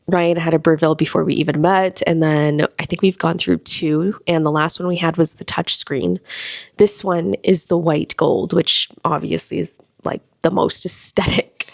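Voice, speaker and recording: Chatty gushing woman with a gravelly low voice. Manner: chatty, gushing, many likes and ums. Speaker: lifestyle vlogger. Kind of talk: casual chat.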